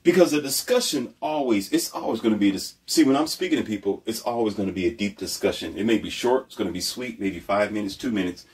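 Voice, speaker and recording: A man's voice: fairly low pitch, recorded from a distance. A man delivering a blunt, preachy motivational monologue, emphatic and repetitive.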